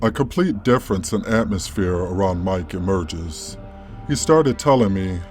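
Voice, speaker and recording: A man calmly reading a first-person story as a scripted narration. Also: low-pitched, a little slow. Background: faint background music.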